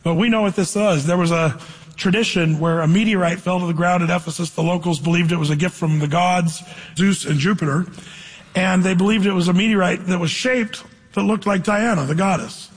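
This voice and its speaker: A man preaching a sermon, reading scripture slowly and then explaining it in casual, slangy talk. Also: high-pitched, steady tone, breathy edge. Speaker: pastor. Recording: long hall reverb.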